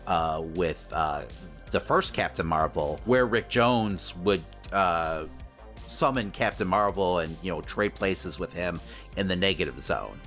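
Low-voiced man chatting about comics. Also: expressive, a little slow, a bit bright, soft background music. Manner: chatty, lots of "you know" and "like" fillers. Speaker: podcast co-host. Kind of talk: casual pop-culture review chat.

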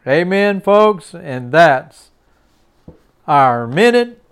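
A man's voice: a little high, sing-song, extremely slow, clean tone. A man hosting a short devotional sermon in a folksy, repetitive way, chuckling often. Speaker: devotional host.

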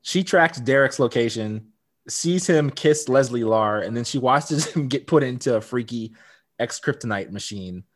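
A man's voice: medium pitch, lively intonation, moderate pace. A man co-hosting a podcast, casually recapping a TV episode, chatty, laughing often and repeating words. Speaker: podcast co-host.

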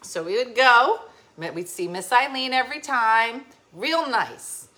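Animated, laughing woman from New Jersey. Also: fairly high pitch, measured pace. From New Jersey, USA. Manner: animated, laughing storyteller acting out quoted voices. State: a little tipsy. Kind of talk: casual storytelling chat.

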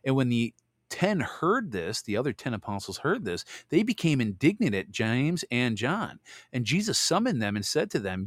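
A man hosting a show where he reads Bible verses aloud and stops for relaxed personal asides. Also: mid-range voice, no echo, studio quality. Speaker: host reading and commenting on scripture. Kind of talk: Bible reading with casual commentary.

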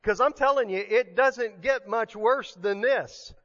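A man's voice: high voice, unhurried, fairly bright tone, long reverb tail, lo-fi sound. A male pastor preaching a sermon in a conversational, emphatic way, often restarting his sentences.

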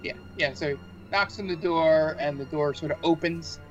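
A man's voice: on the high side, moderate pace. Hesitant game master man. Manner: hesitant, many fillers. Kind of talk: narrating a tabletop game. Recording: dull muffled sound with faint music.

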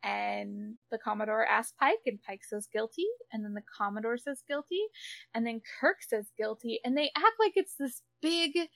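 A woman co-hosting a podcast, recapping an episode in casual chat, animated and swearing freely. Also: a little high, creaky, no room sound. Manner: animated, swears casually, quick asides and laughs. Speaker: podcast co-host.

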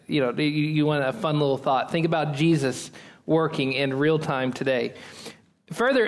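A man preaching a sermon in church as pastor, opening in prayer and speaking earnestly, building to emphatic peaks and dropping low and slow at phrase ends.

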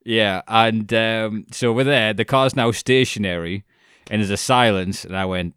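Sweary young man, deep and smooth. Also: unhurried, fairly bright tone, no echo, clean studio sound. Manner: sweary, self-mocking, laughs through his stories. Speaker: podcast co-host. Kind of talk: comic storytelling.

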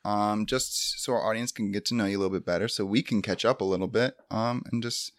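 A man's voice: lowish voice, steady tone, fast, no room sound, studio quality. A young man from Michigan hosting a casual podcast, laid-back and jokey as he leads the segments. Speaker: podcast host.

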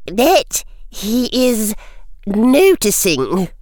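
A man voicing a stern, prim older female professor in an audiobook, speaking slowly and precisely. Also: high voice, very animated, a little mellow, no echo, studio quality, pitched above the performer's own voice, full character voice. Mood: grave.

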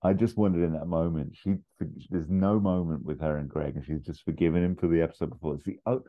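A man co-hosting a podcast, chatting casually and retelling scenes in a rambling, animated way. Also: deep voice, fast, phone-quality sound. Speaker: podcast co-host. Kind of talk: casual chat.

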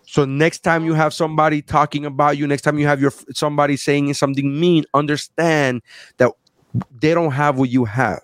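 A man tells a story in casual chat, playing out each person he quotes. His voice sits a little high for a man. The sound is close and dry. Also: a little fast, no room sound. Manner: animated, acts out quoted people.

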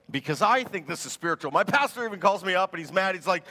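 A man preaching a sermon as pastor, telling stories in an animated way and laughing as he goes. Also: high voice, fast, long reverb tail.

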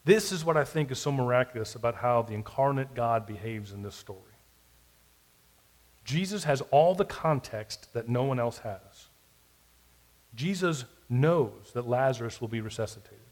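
A male pastor preaching a sermon in a reflective way, moving between soft, quiet asides and emphatic declarations. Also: medium pitch, expressive, moderate pace. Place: church or podcast recording.

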